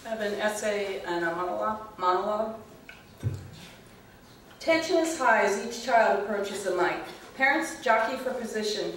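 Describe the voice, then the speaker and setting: A woman's voice: mid-range voice, slight background noise. Middle-aged woman reading an essay. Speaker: MFA student reader. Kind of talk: reading a personal essay aloud. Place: reading venue hall. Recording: echoey room from far off.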